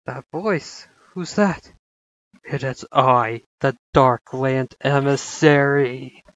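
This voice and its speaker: A player reading game dialogue aloud, voicing a menacing dark god of a shadow realm in a slow, low, quietly threatening way. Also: no echo, dull audio.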